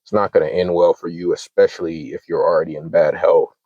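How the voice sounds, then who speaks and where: A man's voice: deep voice, little pitch movement, a little fast, dry recording, lo-fi sound. A man in his twenties telling a story as a channel host, heated and profane, acting out both sides of arguments. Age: 20s. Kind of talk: casual storytelling rant.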